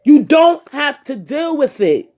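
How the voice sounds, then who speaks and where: A woman's voice: sits high, sing-song, slow pace, darkish tone. A woman giving a heartfelt personal talk, speaking directly to her listeners and repeating her points with emphasis. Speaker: personal storyteller addressing viewers.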